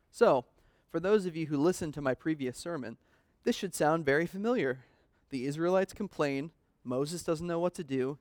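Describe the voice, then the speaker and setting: A man's voice: medium pitch, no echo. Earnest male preacher, dry close sound. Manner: earnest, emphatic, rhetorical questions. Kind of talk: sermon with scripture reading.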